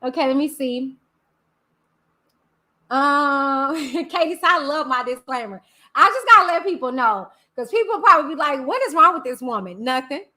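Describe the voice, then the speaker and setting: With lively intonation and a bright, high voice, a woman streamer chats away and greets her viewers by name in drawn-out, affectionate tones. The casual stream chat is recorded on a computer mic via streaming software.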